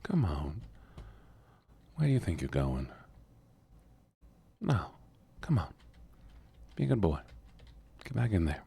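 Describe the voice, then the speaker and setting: A man's voice: rumbling low, sing-song, measured pace, long pauses, dark tone, husky, heavily acted. A man doing a Southern-accented voice, bossily coaxing and scolding a game character back into place. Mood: bossy coaxing. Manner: coaxing, scolding, drawled commands. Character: bossy Southern man herding a villager.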